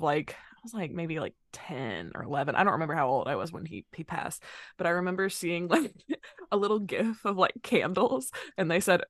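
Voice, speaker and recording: A woman's voice: sits low, no echo. Chatty young woman, dry close sound. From North Carolina. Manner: chatty, laughs often, animated storytelling. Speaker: guest musician. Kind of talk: casual podcast chat.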